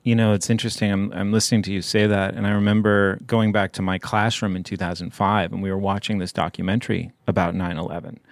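A man's voice: sits low, little pitch movement, no room sound, studio quality. A man hosting a podcast in casual chat, rambling and playful as he thinks aloud. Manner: rambling, playful, drawn-out musings. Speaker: podcast host.

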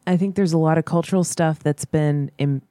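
A podcast co-host in casual chat, thoughtful and quick to laugh. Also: medium pitch, fairly even intonation, dark tone, dry recording, clean studio sound.

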